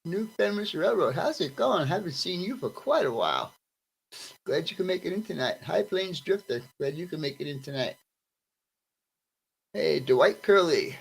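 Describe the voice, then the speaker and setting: A man's voice: a little high, big pitch swings, moderate pace, gravelly, slightly rough, low-quality recording. A man hosting a live stream, greeting his viewers one by one by name in a friendly, casual way. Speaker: livestream host greeting chat. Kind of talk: casual livestream chat.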